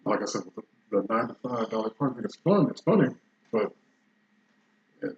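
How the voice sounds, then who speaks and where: A man's voice: medium pitch, big pitch swings, fairly quick, dull audio. A man co-hosting a casual movie review chat, rambling and restarting his sentences. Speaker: podcast co-host.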